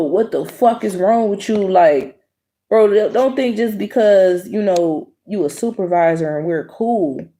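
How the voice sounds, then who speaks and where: Blunt, profane woman telling a story. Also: mid-range voice. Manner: blunt, profane, animated quoting. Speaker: host. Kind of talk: casual storytelling to viewers.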